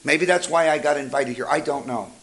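Fairly high in pitch and somewhat creaky, this man's voice moves at a fairly quick clip. As a recovery speaker, he delivers a funny, motivational talk, spinning energetic stories full of jokes.

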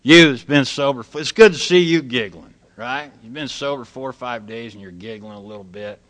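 A man's voice: medium pitch, moderate pace, fairly bright tone. An older man speaking plainly and folksily to a recovery meeting, telling stories and jokes. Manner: folksy, plain-spoken, tells jokes and quotes others. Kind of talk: storytelling talk to a live group.

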